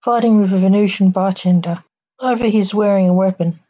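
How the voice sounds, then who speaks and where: A woman's voice: mid-range voice, a little fast, warm tone, close to an everyday voice. A woman voicing a cheeky young female apprentice, blunt and offhand, on a dull lo-fi recording.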